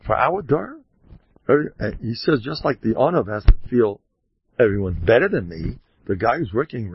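Low gravelly rabbi guy joking through a torah talk, sarcastic, rambly, lo-fi muffled audio. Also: sing-song, moderate pace. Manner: wry, mock-boastful sarcasm; sprinkles Hebrew and Yiddish terms. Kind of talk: informal Torah talk with jokes. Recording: dull lo-fi recording.

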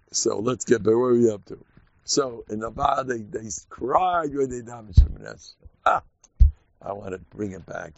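A man with an American accent, a rabbi giving an informal, animated Purim talk full of stories and sudden shouts. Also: mid-range voice, gravelly, no room sound, dull audio.

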